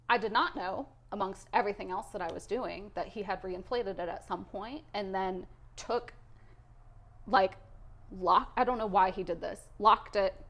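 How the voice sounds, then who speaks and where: A woman in her thirties tells a hard work story with feeling, her voice sitting in a middle pitch. She talks candidly and with energy, like a guest opening up in a relaxed interview. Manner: emotional, candid, animated storytelling. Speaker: guest, cath lab nurse.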